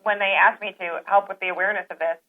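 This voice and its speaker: A talkative woman comedian from Canada, teasing and quick with jokes. Her voice sits mid-pitch and comes through a dull, lo-fi broadcast feed. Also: steady tone. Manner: joking, chatty, teasing. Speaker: guest comedian. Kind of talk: casual chat.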